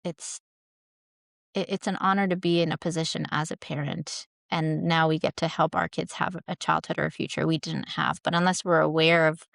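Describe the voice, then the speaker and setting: Woman therapist, thirties, podcast guest; low, gravelly tone, earnest and thoughtful, close dry mic. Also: little pitch movement, moderate pace, a bit bright, no room sound. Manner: thoughtful, earnest explaining with many restarts. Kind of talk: conversational podcast interview.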